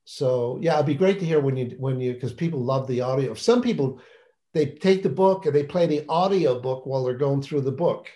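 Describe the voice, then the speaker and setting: A man with an ordinary, mid-range voice talks about his children's book in a relaxed interview. He is enthusiastic and rambles, often restarting his sentences mid-thought. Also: medium pitch, moderate pace. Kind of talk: casual interview talk.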